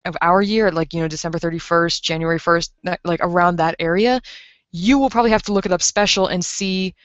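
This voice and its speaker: A woman's voice: lowish voice, a little fast, dry recording. A woman in her twenties livestreaming from home, chatting casually in a rambling, filler-heavy way and reading viewers' messages aloud. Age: 20s. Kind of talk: casual stream chat. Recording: dull lo-fi stream mic.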